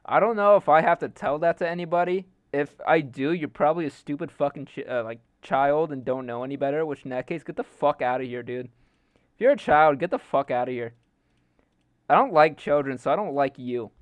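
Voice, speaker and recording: A man's voice: on the high side, a little fast, dry recording, highs cut off. A young man streaming live, ranting in an exasperated, joking way and swearing heavily while his setup fails. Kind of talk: casual live-stream rant.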